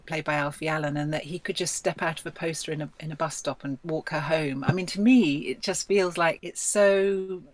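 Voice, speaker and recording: A woman film director answering interview questions in an effusive, animated way with frequent laughter. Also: sits low, fairly quick, hardly any pauses.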